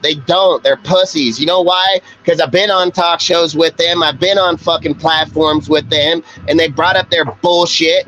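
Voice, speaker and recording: Give me a combative, foul-mouthed male stream host with a higher voice and a faint hiss behind him. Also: sharp tone, rough recording. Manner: aggressive, profane, confrontational. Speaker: livestream show host. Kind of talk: profane live-stream rant.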